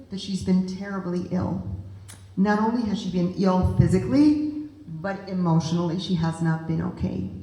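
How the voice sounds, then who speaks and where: A woman's voice: mid-range voice, a little mellow, roomy sound, poor audio. A woman giving an earnest, emphatic talk to a group of parents, speaking directly to the audience. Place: meeting room with audience.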